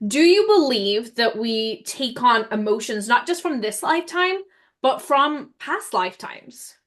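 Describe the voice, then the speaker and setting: Host: woman, 30s, earnest and animated storyteller, pitched a bit high, casual video-call chat. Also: measured pace. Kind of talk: casual podcast conversation.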